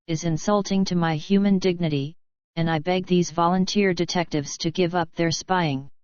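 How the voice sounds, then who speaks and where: A woman's voice: fairly low pitch, steady tone, moderate pace, darkish tone, no room sound, muffled recording, natural voice. A woman voicing an agitated, hysterical young male drunkard in an audiobook, with overwrought, pleading outbursts.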